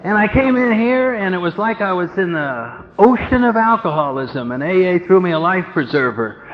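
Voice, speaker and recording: A man speaking at a recovery meeting, telling a humorous, animated story, recorded on old tape in a hall. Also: high voice, normal speed, a little hiss or hum. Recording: dull 1970s tape in long-echo hall.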